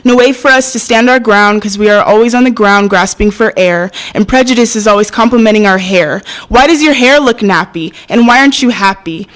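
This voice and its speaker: A young woman performing spoken word poetry at an open mic, hesitant and soft-spoken between poems, passionate when she recites. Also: mid-range voice, a little fast, hardly any pauses, rough recording. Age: young adult.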